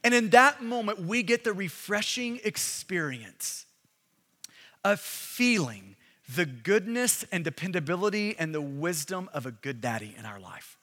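A pastor preaching a sermon with emphatic, repetitive delivery that builds to shouts, recorded in a large hall. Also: male voice, high voice, animated, measured pace. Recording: long hall reverb.

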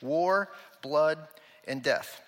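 A man's voice: fairly high pitch, extremely slow, long reverb tail. A man preaching a sermon from the pulpit, reading scripture and pressing the congregation with emphatic rhetorical questions. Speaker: pastor.

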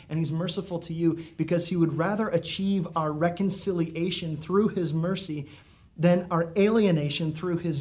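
A man preaching a sermon in an earnest, conversational way, with dramatic pauses and emphasis. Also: on the high side, a little mellow. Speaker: pastor. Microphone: recorded for viewers at home.

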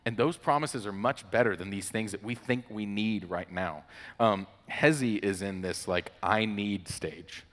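A man preaching a casual, conversational sermon, relaxed and chatty with storytelling asides. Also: lowish voice, normal speed. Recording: long hall reverb.

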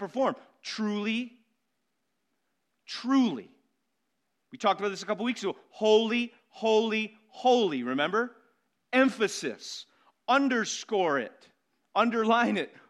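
A man with a notably high voice preaches a sermon from the pulpit. He hammers home his points by repeating words and drawing out the key phrases slowly. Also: fairly bright tone. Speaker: pastor.

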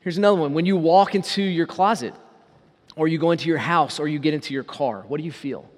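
A man with a fairly high voice delivers a sermon as pastor. He presses his listeners with rhetorical questions and slows down to stress his points. His voice rings out with a long reverb, as in a large church hall. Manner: preaching with many rhetorical questions, slowing down for emphasis.

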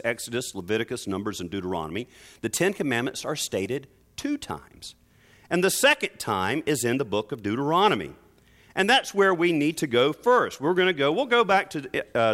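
A man preaching a sermon, moving between soft explanation and emphatic stresses. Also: medium pitch. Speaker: pastor.

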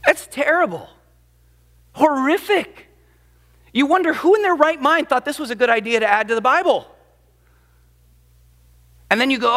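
A pastor preaches with dramatic emphasis and slips into the voices of the people he quotes. His voice sits very high for a man. The sound carries the long reverb of a large church hall. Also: lively intonation, normal speed, long pauses, fairly bright tone. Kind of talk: sermon. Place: church sanctuary.

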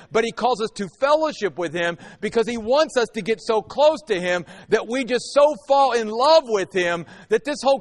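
High-voiced earnest male preacher. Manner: earnest preaching, rising to emphatic peaks. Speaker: pastor. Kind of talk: sermon.

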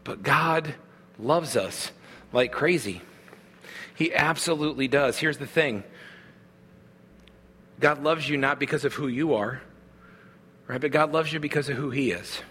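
A man's voice: mid-range voice, unhurried, pauses often, fairly bright tone, husky, long reverb tail. A man preaching a sermon as a pastor, talking to the congregation in an earnest, conversational way.

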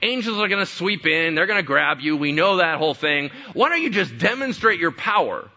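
A persuasive male devil with a coaxing, overly friendly pitch, voiced by a preacher mid-sermon. He talks loud and high, leaning hard on every offer. The recording sounds dull and lo-fi. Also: sing-song, a little fast, full character voice. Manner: coaxing, pushy, casual. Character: smooth-talking tempting devil, male.

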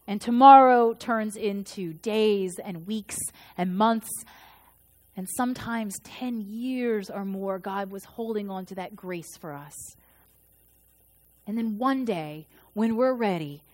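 A woman in her thirties, a pastor, preaching a sermon in a storytelling way and acting out the voices she quotes. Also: a little high. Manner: storytelling, acts out quoted voices with shifts in loudness.

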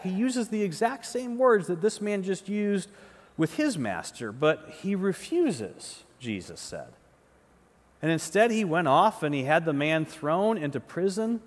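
A male pastor delivering a conversational sermon, often restarting words and checking in with the listeners. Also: high voice. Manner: conversational preaching, repeats words, often asks "right?". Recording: long reverb of a large hall.

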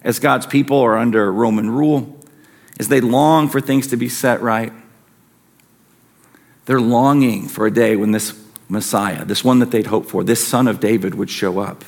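A man's voice: medium pitch, fairly even intonation, moderate pace, a little mellow. A man preaching a sermon as a pastor, earnest and emphatic, his intensity rising and falling.

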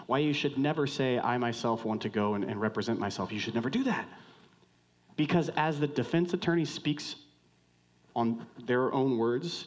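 A man preaching a sermon, animated, acting out short dialogues with jumps in pitch. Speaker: pastor.

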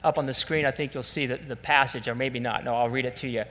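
A man preaching a sermon as pastor, animated and acting out the voices he quotes. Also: mid-range voice, quick pace. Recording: long church hall reverb.

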